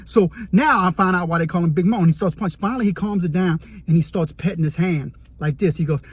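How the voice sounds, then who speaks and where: A man telling a story about his time in prison, animated and dramatic, acting out what he saw. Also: high-pitched, fast, husky. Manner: animated, vivid, dramatic retelling. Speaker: storyteller, former inmate. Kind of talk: casual storytelling to camera.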